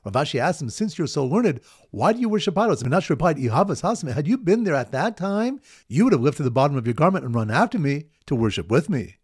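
A man with a slightly high, husky voice teaches Talmud through playful memory stories. His pitch leaps around as he tells them, recorded close and dry with no room sound. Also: quick pace, few pauses, no echo. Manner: lively storytelling with sudden pitch jumps. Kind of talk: mnemonic Talmud review lesson.

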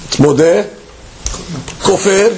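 A man teaching a Talmud class, moving between quick Hebrew text reading and explanation while acting out the claims in a case. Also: high voice, a little hiss or hum. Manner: lively, leaps between English and Hebrew text reading, acts out case dialogues.

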